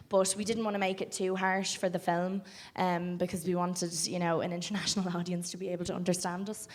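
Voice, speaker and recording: A young Irish woman with a generic Dublin accent talks casually on a festival panel about her acting work. Her voice sits a little low for a woman, and her chatty answers are loose, broken by ums and laughter. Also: little pitch movement, a little fast. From Ireland. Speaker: film actor guest. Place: festival cafe stage.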